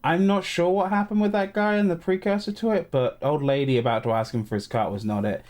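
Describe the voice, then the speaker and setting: A man's voice: fairly high pitch, steady tone, fairly quick, a little mellow. A man co-hosting a podcast, speaking bluntly in casual chat, with swearing and many fillers. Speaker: podcast co-host.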